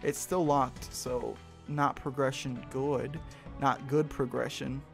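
A man's voice: medium pitch, little pitch movement, takes it slowly, creaky, soft background music. A man hosting a let's play, giving casual gameplay commentary in a chatty, joking manner and swearing freely.

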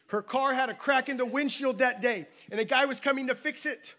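A man's voice: very high voice, fairly quick, few pauses, sharp tone. A man preaching a sermon as pastor, telling a personal story with self-deprecating humor. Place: church campus service.

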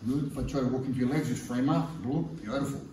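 His voice is medium-pitched, fast, and dark as he runs a jiu-jitsu seminar, demonstrating on the mat and giving a partner coaxing, direct commands. Strain creeps in when the partner's weight presses on him. The recording comes from a large indoor training gym, echoey with a distant mic and some noise.

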